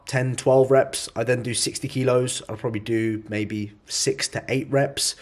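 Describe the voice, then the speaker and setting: A man's voice: fairly low pitch, breathy edge. A young man talking to camera in a casual gym vlog, fired-up and blunt, swearing freely. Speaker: bodybuilder vlogger.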